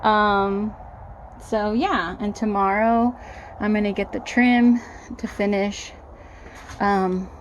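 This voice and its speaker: A woman speaks slowly into a handheld camera outdoors, frank and exasperated, cursing freely about yard work. Her pitch sits mid-range. Faint wind and outdoor noise hiss behind her. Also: fairly even intonation. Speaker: vlogger. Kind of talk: casual vlog monologue. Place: outdoors at a rural home, in the yard.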